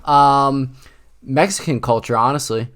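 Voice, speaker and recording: A man's voice: medium pitch, a bit bright. A man with an ordinary mid-range voice chats on a podcast. He hesitates and repeats words as he talks. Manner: hesitant, halting. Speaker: podcast co-host. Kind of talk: casual chat.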